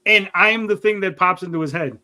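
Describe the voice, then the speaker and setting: A man's voice: high voice, a little fast, bright, forceful tone, low-quality recording. A man hosting a livestream podcast, telling a rambling story in casual, profane chat.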